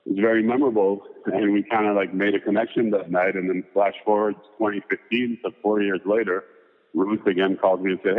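A man's voice: lowish voice, fairly quick. A man as an interview guest, casually telling a long rambling story with lots of fillers. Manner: rambling, animated anecdote with many fillers. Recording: tinny phone-like sound with long reverb.

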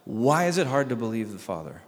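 A male pastor preaching a sermon, swinging between loud emphatic lines and soft hushed ones. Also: medium pitch, very animated, brisk, long reverb tail.

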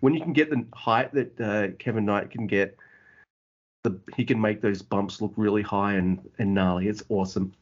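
A man's voice: lowish voice, steady tone, moderate pace. A man co-hosting a wrestling podcast, recapping a match in a casual, enthusiastic way with many fillers and swear words. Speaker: podcast co-host. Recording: dull lo-fi podcast audio.

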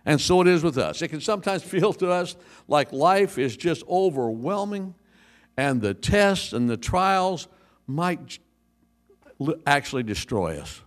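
A man preaching a sermon as pastor, telling jokes and stories in a lively way. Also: on the high side, unhurried.

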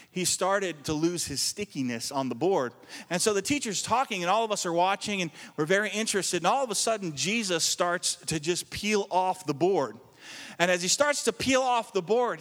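Male pastor, fairly high voice, expressive joking preacher with call-and-response, long hall reverb. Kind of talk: sermon.

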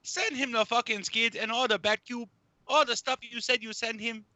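A man rants through a casual comedy podcast in a deliberately silly put-on voice, pitched high for a man and edged hard with brightness. The sound is close and completely dry. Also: fairly even intonation, dry recording. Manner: exaggerated comic put-on voice, profane ranting. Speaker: podcast co-host.

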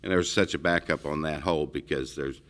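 A man's voice: a bass voice, steady tone, fast talker, a bit bright. A middle-aged man casually telling stories in a rambling way, with frequent restarts. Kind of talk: casual conversation.

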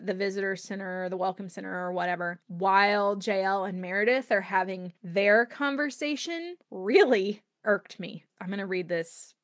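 A woman hosting a book podcast, chatting casually and expressively about a novel, opinionated and quick to laugh. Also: medium pitch, dry recording, clean studio sound. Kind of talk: casual solo book discussion.

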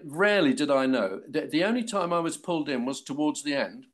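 A man's voice: fairly high pitch, expressive. Older London man telling anecdotes. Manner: anecdotal, halting with fillers and restarts. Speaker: actor guest. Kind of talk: casual interview chat.

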